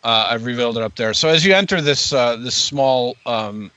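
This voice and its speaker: Rambling bright-voiced male game master. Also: medium pitch, moderate pace, no echo. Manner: rambling, full of fillers. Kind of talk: narrating a tabletop game. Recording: dull lo-fi recording.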